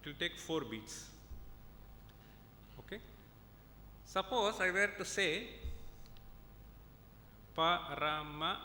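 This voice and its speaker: An Indian man, a professor, lecturing at a conference, explaining step by step and checking in with his listeners as he goes. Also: pushed and bright. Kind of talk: lecture with examples and recitation. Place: conference hall. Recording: echoey hall with faint rumble.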